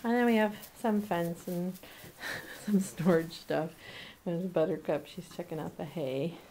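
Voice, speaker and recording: Mellow and on the low side, her voice moves a little slowly as she wanders outdoors through her small farm's barns and animals. Her homestead tour is casual and rambling, dotted with fillers and small laughs. There's slight background noise on the handheld camera mic.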